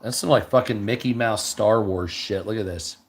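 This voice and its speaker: A man's voice: on the low side, moderate pace, slight background noise. Blunt, profane male commentator. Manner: blunt and heavily profane, reading headlines aloud. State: tired, low energy. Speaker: online news commentator. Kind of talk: casual reaction commentary.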